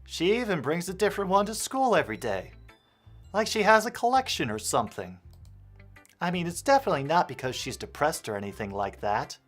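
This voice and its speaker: Give me a man playing a cheerful schoolgirl sharing a secret in a chatty, lively way. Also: on the high side, fairly quick, faint music behind, pitched above the performer's own voice. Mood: confiding. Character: cheerful confiding teenage girl club president. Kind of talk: let's play voice acting.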